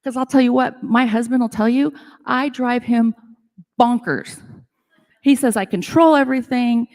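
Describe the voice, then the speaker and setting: Her voice is a little high with a darkish tone, moving at normal speed. A middle-aged woman at a women's business event, she chats to a live audience in a conference room, telling self-deprecating stories sprinkled with "like," and a long hall reverb colors the sound.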